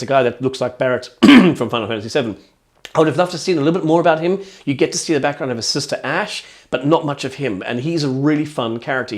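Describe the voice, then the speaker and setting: A man giving an enthusiastic, rambling casual review of a TV show. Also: medium pitch.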